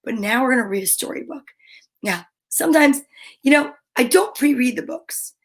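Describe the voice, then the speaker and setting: A woman reading picture books aloud for young children in a casual, chatty way, stopping to comment cheerfully between pages and slowing to a lilting rhythm for rhyming verse. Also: high-pitched, animated. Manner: slows down and lilts when reading verse.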